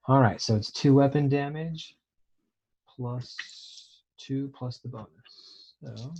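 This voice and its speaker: A man plays his turn in a tabletop game, describing his character's actions in a loose, rambling way and laughing often. His voice sits at a middle pitch and comes through a dull, muffled lo-fi mic. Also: takes it slowly, darkish tone, slight background noise. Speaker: player.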